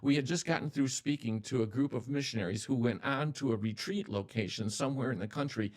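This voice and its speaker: A man's voice: medium pitch, fairly quick, darkish tone. An older man, a pastor hosting a talk show, speaking straight to the viewer and repeating key words for emphasis in a storytelling way. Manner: storytelling, addresses the viewer directly. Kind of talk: video talk show monologue.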